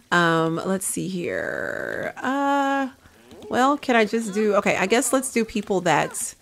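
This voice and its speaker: Chatty woman narrating her gameplay. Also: mid-range voice. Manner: chatty, coaxes and scolds her game characters, says "y'all". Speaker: gaming video creator. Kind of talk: casual gameplay commentary.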